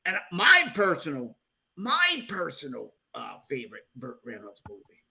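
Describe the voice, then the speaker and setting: A man doing a boastful, hammy character host with a drawl, whose high, gravelly voice swings wildly up and down. He sounds very bright and edgy, rambling on in a showy, folksy way. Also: wildly swooping pitch, unhurried, full character voice. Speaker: segment host. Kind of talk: comic character bit on a livestream chat show.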